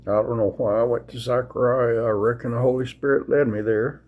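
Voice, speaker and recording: Sleepy man, husky voice, folksy rambling scripture reader. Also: medium pitch, steady tone, phone-quality sound. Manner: slow, folksy, rambling with restarts. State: sleepy, yawning. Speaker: video host sharing scripture. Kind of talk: casual devotional talk and Bible reading.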